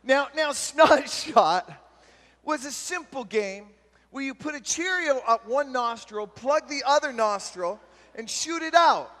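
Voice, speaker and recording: A youth pastor giving an animated storytelling talk at a youth retreat and shouting out the punchlines. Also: male voice, extremely high pitch, unhurried. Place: large retreat meeting hall. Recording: long hall reverb from a live talk.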